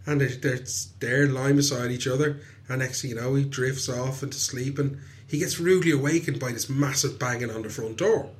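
A man with an Irish accent retelling a folk tale in a casual, chatty podcast, animated and laughing often. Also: medium pitch, a little fast. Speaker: podcast host, storyteller. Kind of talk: casual storytelling chat.

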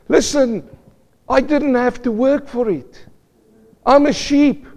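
A man's voice: very high voice, slow, pauses often, a little mellow. A male pastor preaching a sermon, asking the congregation questions throughout. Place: church. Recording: long reverb of a church hall.

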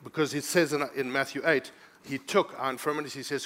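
Bright-voiced man preaching a sermon. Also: medium pitch, fairly even intonation, a little fast. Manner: teaching, rising to urgent emphatic preaching; asks the congregation for responses. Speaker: pastor.

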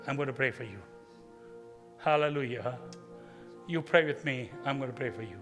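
A man preaching an altar call, pleading with listeners to stand and repent, then praying over them, swinging between fervent bursts and hushed prayer. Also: mid-range voice, moderate pace, pauses often, big-room sound, soft background music.

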